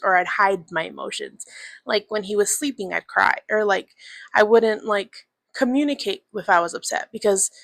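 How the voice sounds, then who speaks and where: A woman's voice: medium pitch, fairly bright tone, dry recording. A young woman in her twenties hosting a podcast, talking candidly in a loose, chatty monologue full of swearing and filler words. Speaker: podcast host. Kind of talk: casual personal monologue.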